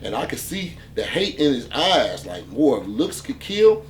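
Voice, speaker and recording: A man's voice: medium pitch, unhurried, slight background noise. A man host telling a gritty street-life story in a profane, conversational way, often tossing in "man". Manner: animated, profane, conversational, with many "man" fillers.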